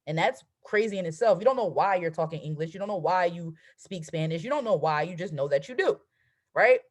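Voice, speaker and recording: In her twenties, this woman is a trading coach running a motivational live stream over a video call. Her voice sits on the low side with lively intonation and a brisk pace, and she speaks emphatically, tacking "right?" onto nearly every point.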